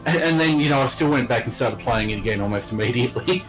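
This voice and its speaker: A man's voice: medium pitch, lively intonation, quick pace, over music, poor audio. A man co-hosting a casual game chat, easygoing and thoughtful, often restarting his sentences.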